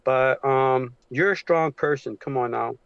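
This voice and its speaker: A man on a livestream video call, talking in a halting, emotional way with many fillers. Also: medium pitch, gravelly, a bit bright, smooth, no room sound, lo-fi sound. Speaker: guest on a livestream. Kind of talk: casual supportive chat. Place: home with a train passing outside.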